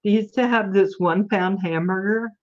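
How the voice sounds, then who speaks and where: A woman's voice: mid-range voice, moderate pace, a little mellow, lo-fi sound. An older woman, a grandmother, hosting a casual chat and giggling often. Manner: chatty, giggly. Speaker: host. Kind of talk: casual chat on a video call.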